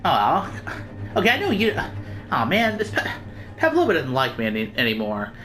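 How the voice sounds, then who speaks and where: Woman streamer playing a story game, lowish voice, very swoopy, faint music. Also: wildly swooping pitch, moderate pace, a bit bright. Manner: casual, self-mocking, hesitant restarts. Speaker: gaming streamer. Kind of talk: let's play commentary and dialogue reading.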